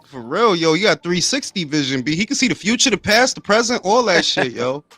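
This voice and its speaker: A man hosting a casual boxing chat, joking loudly with profane banter. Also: high-pitched, sing-song, fairly quick, no echo, faint music behind.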